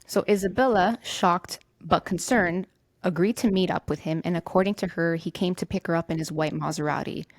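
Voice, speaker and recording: A woman's voice: lowish voice, fairly quick, no echo. A young woman hosting a podcast, telling a true-crime story in a loose, conversational way and swearing casually. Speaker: podcast host.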